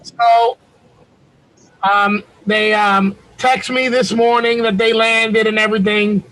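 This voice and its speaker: A man with a strikingly high voice recounts events over a video call. He talks in an animated, street-slang style, swearing freely as the story runs on. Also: takes it slowly, low-quality recording. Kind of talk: casual storytelling on a group call.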